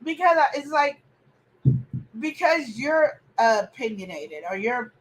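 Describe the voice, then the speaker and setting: A woman hosts a casual family chat. She is opinionated and animated, her somewhat high voice rising into preachy outbursts. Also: takes it slowly, a little hiss or hum, poor audio. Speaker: podcast host.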